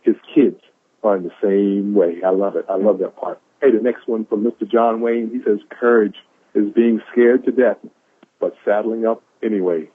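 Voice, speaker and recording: A man's voice: fairly low pitch, fairly even intonation, moderate pace, dry recording. A man giving an enthusiastic, preachy motivational talk on a conference call, repeating lines for emphasis. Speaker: caller sharing quotes of the day. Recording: tinny phone line.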